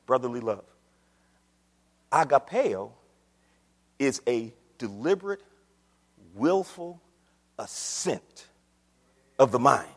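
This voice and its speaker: A man preaching a sermon in a church with a folksy manner, his pitch leaping up on questions. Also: long reverb tail. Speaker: pastor. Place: church sanctuary. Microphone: microphone on a stand.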